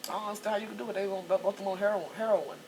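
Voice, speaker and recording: Gravelly middle-aged woman telling stories. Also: medium pitch, very fast. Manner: animated storyteller, cusses freely, loud excited quotes. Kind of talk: casual chat. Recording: noisy background.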